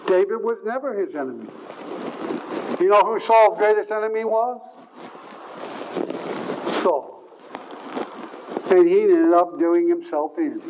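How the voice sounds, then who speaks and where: A man's voice: sits high, animated, a little slow, pauses often, a little mellow, low-quality recording. A man preaching a sermon in an earnest way, stressing and repeating key words, with faint hiss behind.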